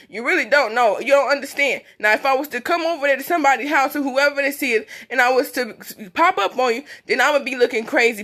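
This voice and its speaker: Young woman venting on a phone live, tearful, bright sharp voice, keeps repeating herself. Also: sits high. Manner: blunt, emphatic, repetitive, speaking through tears. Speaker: mother speaking on a livestream. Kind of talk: emotional personal livestream monologue.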